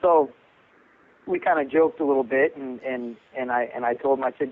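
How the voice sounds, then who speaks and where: A man's voice: mid-range voice, fairly even intonation, normal speed. Man telling a story over a tinny phone line. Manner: rambling, repeats words, acts out quotes. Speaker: boxing coach guest. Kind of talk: storytelling on a podcast call. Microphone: phone call.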